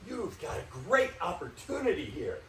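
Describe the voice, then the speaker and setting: An actor playing a harried, desperate theater staffer who scolds with exasperated insistence, in a live stage play. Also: male voice, high voice, wildly swooping pitch, moderate pace, heavily acted. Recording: echoey stage, distant mic, faint hiss.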